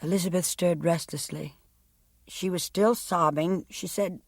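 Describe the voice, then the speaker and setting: A woman reads a mystery audiobook as scripted narration, her delivery even and measured. Her voice sits on the low side, and the recording is dry with clean studio sound.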